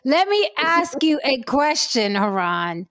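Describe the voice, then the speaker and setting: Casting: woman podcast host, fairly high voice, dry close sound, teasing and probing. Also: big pitch swings, slow pace, fairly bright tone, dry recording. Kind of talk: casual chat.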